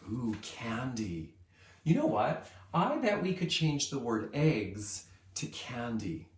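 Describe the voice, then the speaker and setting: A male kindergarten teacher giving a lesson to young children in an upbeat way, stretching words out slowly so they can follow. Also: mid-range voice, sing-song, echoey room.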